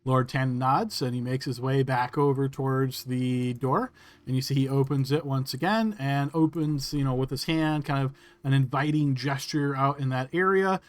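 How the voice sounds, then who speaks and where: A man's voice: medium pitch, moderate pace. A man running a tabletop game as game master, narrating the scene descriptively with small hesitations.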